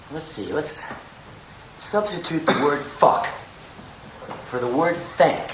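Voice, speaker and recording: A young man performing live spoken word, telling stories in an intense, profane, animated way with sudden loud bursts. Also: mid-range voice. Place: live venue with audience. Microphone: distant audience recorder. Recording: echoey hall, distant audience cassette with hiss. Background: audience laughter and tape noise.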